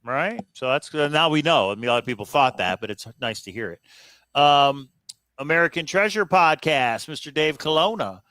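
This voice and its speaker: A man's voice: a little high, expressive, moderate pace, pushed and bright, smooth, no room sound. A man co-hosting a casual chat, talking in a wry, offhand way with jokey asides. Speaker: co-host.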